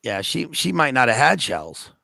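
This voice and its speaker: A laid-back man guesting on a film podcast, his voice gravelly with a lot of vocal fry. He talks slangy and loose, checking in with a quick question tag. Close and dry on the mic. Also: mid-range voice, big pitch swings, pushed and bright, dry recording. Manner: laid-back, slangy, says "dude" and "right?". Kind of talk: casual film-discussion chat.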